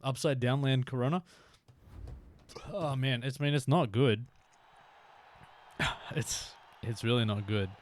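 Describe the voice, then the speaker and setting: Relaxed rambling male game streamer. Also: medium pitch, a little slow, long pauses, slight background noise. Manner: relaxed, rambling, thinks aloud with fillers. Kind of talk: casual live-stream chat.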